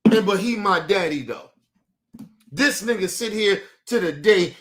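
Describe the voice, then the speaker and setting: Young man, profane live-stream rant; high, swinging voice. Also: big pitch swings, unhurried. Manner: profane, heated, swings from low and quiet to loud outbursts.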